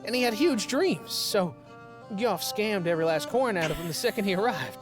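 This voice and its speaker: A woman's voice: medium pitch, animated, moderate pace, close to an everyday voice. A woman voicing a simple, kindhearted young country man in a video game, with a folksy rural drawl. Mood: somber. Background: game music.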